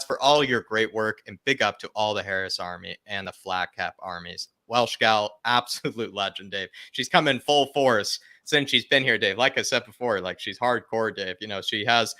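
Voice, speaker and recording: A man's voice: fairly low pitch, moderate pace, hardly any pauses, pushed and bright. A man co-hosting a live football stream, rambling casually with lots of filler words. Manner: rambling, heavy use of "you know" and the co-host's name. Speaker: co-host of a football watchalong stream.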